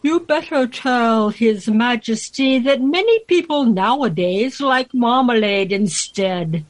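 A woman reading aloud puts on a drowsy storybook cow, unhurried and soothing, her lines drawn out slowly. The voice sits a touch high and moves up and down freely. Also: expressive, no echo, poor audio. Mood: sleepy, soothing. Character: sleepy cow in a storybook poem. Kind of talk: reading a children's poem aloud.

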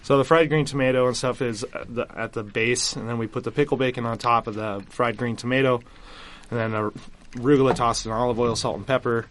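A man, a chef guest on a radio show, calmly explaining how a dish is made, with plenty of fillers. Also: mid-range voice, slight background noise. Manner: unhurried, walks through steps with fillers. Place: radio studio.

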